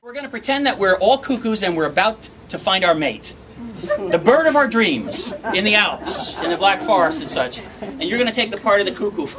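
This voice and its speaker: A man's voice: high voice, animated, a little fast, crowd noise, rough recording. A man from Pennsylvania leading a playful live yodeling workshop in a bookstore, joking with the audience and breaking into yodels and cuckoo calls. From Pennsylvania, USA.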